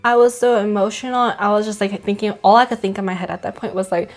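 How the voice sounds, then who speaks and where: A woman's voice: medium pitch, steady tone, fast. A young woman co-hosting a casual church-life chat, telling a story in a hesitant way with many fillers and restarts. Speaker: co-host of a church life vlog.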